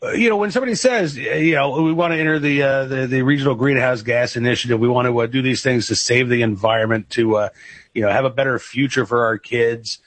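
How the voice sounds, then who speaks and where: A man's voice: mid-range voice, fast talker. A man hosting a radio talk show, interviewing a guest and asking questions with many fillers and repeats.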